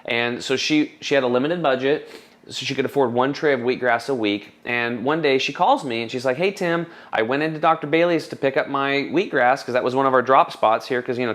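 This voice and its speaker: A man in his thirties telling his story in an interview, passionate and quick to act out what people said. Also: mid-range voice, steady tone, fairly bright tone. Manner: passionate, restarts often, quotes people in raised voice. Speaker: supplement formulator, guest.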